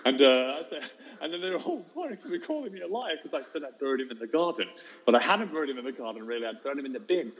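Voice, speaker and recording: A man, a teacher, telling a classroom story in a fast, lively way and acting out the children's voices. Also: medium pitch, poor audio. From England. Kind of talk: animated storytelling.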